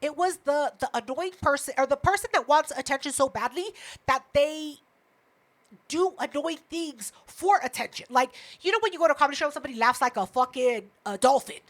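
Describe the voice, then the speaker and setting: A woman's voice: high voice, a little fast. A woman co-hosting a podcast, telling a story in casual chat, emphatic, heated and full of swearing. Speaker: podcast co-host.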